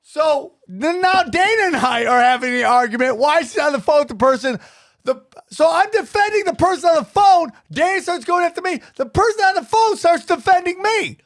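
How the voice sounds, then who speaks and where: A man's voice: very high-pitched, fairly quick, dry recording, studio quality. A man hosting a podcast, telling stories in a casual chat and acting out other people's voices. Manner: animated storyteller, acts out voices. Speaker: podcast host.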